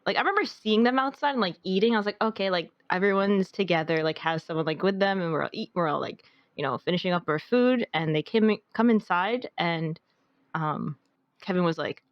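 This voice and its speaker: A young woman co-hosting a podcast tells a story in a rambling, casual way, saying "like" constantly. Her voice is fairly low and fairly quick, and the dry recording has its highs cut off.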